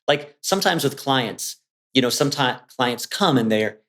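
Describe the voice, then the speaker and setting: Male podcast guest, relaxed and animated, slips into other voices when quoting. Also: medium pitch, normal speed. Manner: animated, acts out clients' voices. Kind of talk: casual conversation.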